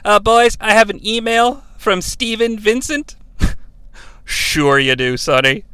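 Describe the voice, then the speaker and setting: High bright-voiced male podcast host. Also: lively intonation, slow pace, clear, resonant tone, dry recording. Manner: wry, chuckling asides to listeners. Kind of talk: casual recap of an old wrestling broadcast.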